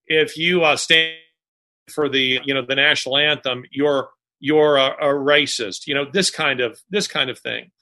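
A man, an author being interviewed, talking in a halting way with many pauses and restarts. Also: mid-range voice, fairly even intonation, pushed and bright. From Alabama, US. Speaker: author guest. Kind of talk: casual interview conversation.

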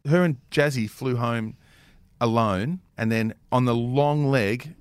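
A middle-aged Australian man co-hosting a radio show, telling family anecdotes in a relaxed way with laughter. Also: mid-range voice, slow pace, smooth, no echo. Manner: laid-back anecdotal storytelling, laughing. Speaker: radio co-host. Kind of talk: casual radio chat.

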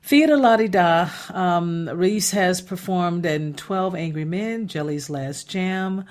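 In a radio studio, a woman hosts a talk show in a low, slow, slightly mellow voice. Her casual chat is emphatic and chatty, and she often restarts her sentences.

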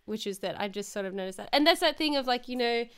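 A woman's voice: a little high, lively intonation, quick pace, a bit bright, clear, resonant tone. Chatty young woman podcast co-host. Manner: chatty, many likes and restarts, frequent laughter. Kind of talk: casual chat.

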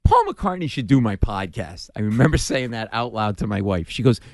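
A man, a stand-up comedian, telling a story in an animated way, acting out the voices and shrieking at the funny parts. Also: fairly low pitch, a little fast, no room sound, clean studio sound. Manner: acts out dialogue, mimics screams, self-deprecating.

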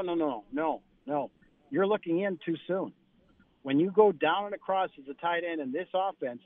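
A man's voice: on the high side, no room sound. A man reporting on football practice as a radio guest, talking animatedly and acting out what coaches said. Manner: animated, quotes coaches in lively bursts. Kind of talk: phoned-in radio interview. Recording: tinny phone line.

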